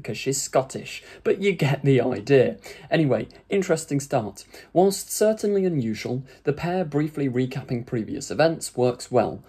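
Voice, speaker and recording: Man reads out a review and riffs casually between lines; warm, slightly husky tone. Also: medium pitch. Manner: chatty, with frequent "like" and "kind of" fillers. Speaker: YouTube reviewer. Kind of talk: reading a review aloud with casual commentary.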